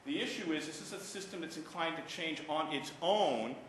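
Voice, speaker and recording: A man giving a university lecture, animated and prone to restarting his sentences. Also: a little high, moderate pace, a little hiss or hum. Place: lecture hall. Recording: echoey lecture hall.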